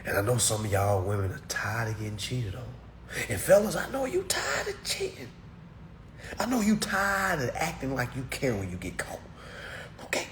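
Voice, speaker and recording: A man talks straight into a livestream, blunt and preachy, hammering the same words again and again. His pitch sits in an ordinary middle range. Faint noise hums underneath. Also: huge pitch swings, normal speed, fairly bright tone. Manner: preachy, blunt, keeps checking in with "all right?" and "okay?"; emphatic and repetitive, hammering single words. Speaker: livestream host answering viewer comments. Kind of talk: casual livestream monologue.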